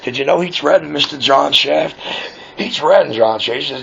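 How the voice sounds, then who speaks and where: Chatting casually on air, a male radio operator rambles, boasts and swears freely over a radio link. His fairly high, fairly bright voice has vocal fry and a breathy edge at a moderate pace, and the audio is dull lo-fi radio.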